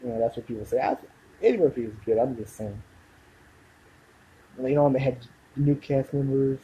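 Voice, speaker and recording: A man's voice: medium pitch, moderate pace, dark tone, slightly rough, muffled recording. A man in his thirties talking casually to camera, rambling and forgetful, often trailing off and starting over. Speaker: video blogger.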